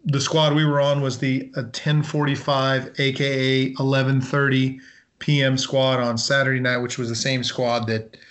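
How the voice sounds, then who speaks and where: A man's voice: mid-range voice, flat delivery, moderate pace, fairly bright tone. A man co-hosting a podcast in easygoing casual chat, often laughing. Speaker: podcast co-host.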